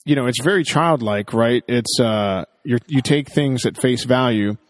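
A man's voice: mid-range voice, normal speed, in a large hall. A man co-hosting a casual TV episode recap, thinking aloud in long, rambling analysis. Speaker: podcast co-host.

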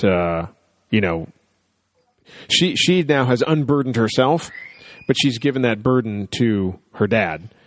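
A man with a lowish voice co-hosts a casual chat about a TV show, talking things through and quoting characters in quick asides. There's no echo on the recording.

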